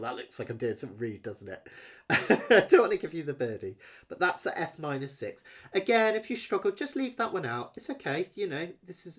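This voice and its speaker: This ukulele teacher speaks in a mid-range, fairly bright voice during his live online lesson. Recorded by a close-up webcam with ukulele playing behind him, he keeps things chatty and encouraging and now and then sings along while he plays.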